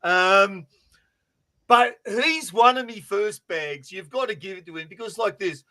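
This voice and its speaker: A man co-hosting a fantasy sports podcast, telling stories in a loud, sweary, animated way over a remote call. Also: high-pitched, unhurried. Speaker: podcast co-host.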